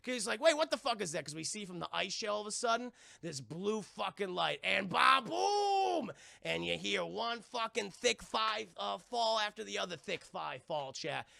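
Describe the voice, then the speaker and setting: A man giving an excitable, profane live-stream film review, talking straight to his chat and acting out scenes. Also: high voice, normal speed, vocal fry, few pauses, no echo, studio quality.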